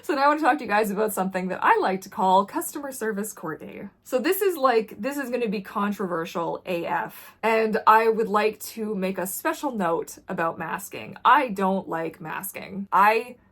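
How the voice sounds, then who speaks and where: A woman vlogger talking candidly to camera in a blunt, intense way that drops to quiet when the subject gets heavy. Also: medium pitch, animated, normal speed, hardly any pauses.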